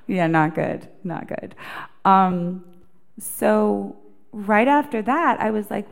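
A woman from Canada tells her faith testimony as a guest. She talks earnestly and with animation, often repeating words for emphasis. Her pitch sits in the middle range. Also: takes it slowly, vocal fry. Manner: earnest, animated storytelling with frequent repetition. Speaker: guest singer.

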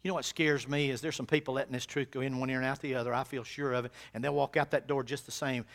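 A male pastor preaching a sermon in a church, with folksy phrasing, swinging from hushed asides to loud, fervent calls. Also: mid-range voice, level tone, fast talker. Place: church sanctuary.

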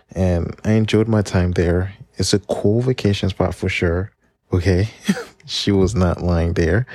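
A man's voice: low-pitched, gravelly, a little mellow, slightly rough, no room sound. A man in his late twenties from Maryland, hosting a casual solo podcast and telling stories in a chatty, rambling way with self-corrections. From Maryland, United States. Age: 20s. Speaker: podcast host.

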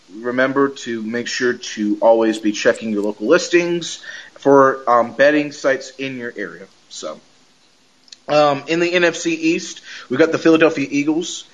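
Young guy hosting a sports podcast, rambles and stutters, laughs at his own bits, muffled recording. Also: mid-range voice. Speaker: podcast host. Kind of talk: casual sports podcast monologue. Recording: lo-fi podcast audio.

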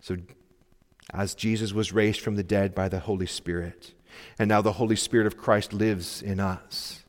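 A man's voice: lowish voice, steady tone, moderate pace. Earnest male pastor in a reverberant church. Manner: earnest, pleading exhortation with sudden soft drops. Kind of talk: sermon. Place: church sanctuary. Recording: long reverb of a church hall.

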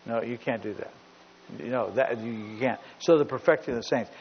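Breathy at the edges and medium in pitch, the middle-aged preacher speaks fairly quickly. He drives home his stories emphatically and repeats himself, and the recording comes across dull inside a large hall full of reverb.

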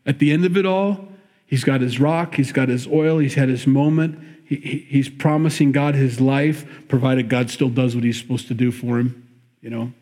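A man's voice: mid-range voice, fairly even intonation, normal speed, dark tone. A man preaching a sermon, mixing Bible reading with wry, joking asides and acting out the quoted lines. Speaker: pastor.

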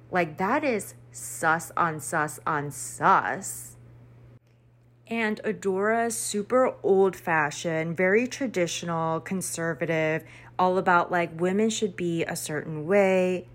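A woman's voice: lowish voice, takes it slowly. A woman casually recapping a book, chatty and slangy, full of "like" and the odd swear word. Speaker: book reviewer.

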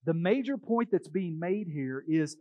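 A man's voice: on the high side, expressive, a little slow, no room sound, narrow, tinny audio. Conversational male pastor preaching. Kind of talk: sermon.

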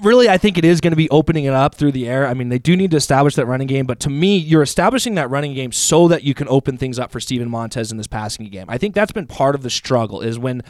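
An American man co-hosting a sports talk show, giving measured football analysis and sometimes restarting his sentences while he thinks. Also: medium pitch, darkish tone, dry recording, studio quality. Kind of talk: casual sports analysis chat.

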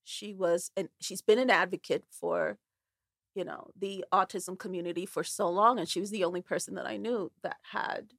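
A woman guest telling a candid personal story in an animated, dramatic way, acting out the voices in it. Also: on the low side, moderate pace, dry recording, studio quality. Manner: animated, dramatic, acts out voices in her stories.

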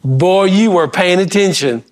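A man's voice: sits high, measured pace, a little mellow. A middle-aged man preaching a sermon, building emphasis and asking the congregation questions, with folksy asides and repeated words. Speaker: pastor.

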